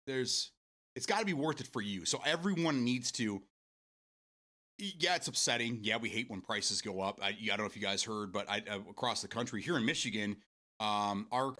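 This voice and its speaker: Male streamer, loose chatty delivery with frequent laughter and cursing; bright, forceful tone with lively pitch. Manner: laughs often, swears freely, talks to chat. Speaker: game streamer. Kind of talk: casual live-stream chat.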